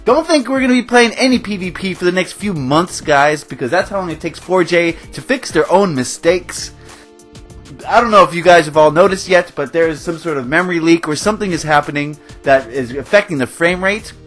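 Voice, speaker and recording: A man's voice: on the high side, fairly quick, a bit bright, faint music behind. A man hosting a gaming channel, ranting in casual game commentary and getting worked up, with fillers and nervous laughs.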